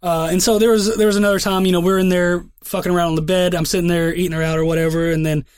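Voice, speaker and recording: Racing along in a high, level voice with a darkish tone, a young male podcast co-host tells rambling stories. The chat is casual and laced with heavy swearing.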